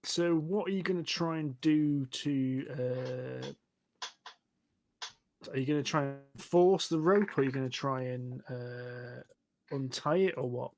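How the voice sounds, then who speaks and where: A man's voice: mid-range voice, measured pace, slight background noise. Man running a tabletop game. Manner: relaxed, hesitant narration with fillers. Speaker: game master. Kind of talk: narrating a tabletop game over voice chat.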